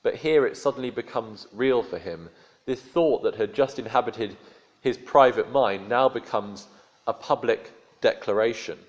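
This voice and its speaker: A man's voice: mid-range voice, unhurried. A man preaching a sermon in a conversational storytelling way with dry humor. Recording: dull lo-fi sermon recording.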